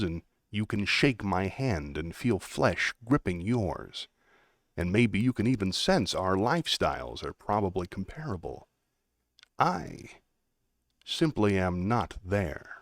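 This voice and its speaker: Brief: a man playing a cold, too-controlled young killer, flat and measured, a bit lower than his own voice. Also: dry recording, clean studio sound, exaggerated voice. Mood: cold, detached. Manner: flat, measured, trying too hard to sound normal.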